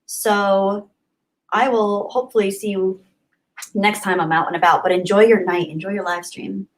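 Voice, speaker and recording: A woman's voice: mid-range voice, fairly even intonation, moderate pace. A woman hosting a casual livestream, reading viewer comments aloud and answering them in an earnest, thankful, rambling way with many fillers. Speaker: YouTube livestream host.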